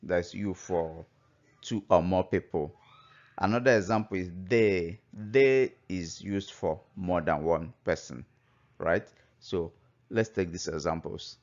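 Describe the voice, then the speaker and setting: A man's voice: sits low, slow, darkish tone. A man teaching a language lesson, patiently explaining and repeating each phrase. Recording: dull lo-fi recording.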